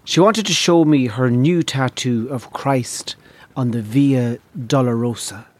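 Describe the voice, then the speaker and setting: A man with an Irish accent tells a comic yarn in a wry, deadpan voice of middling pitch. The recording is dry and close, with no room sound. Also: unhurried, no room sound. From Donegal, Ireland. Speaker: comedian. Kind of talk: comic storytelling.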